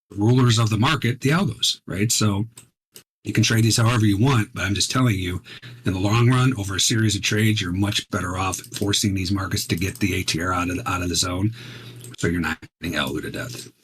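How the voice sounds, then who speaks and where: Speaking a little fast in a fairly low, slightly rough voice, a man teaches futures trading as he trades live. He's conversational and emphatic, repeatedly asking "right?".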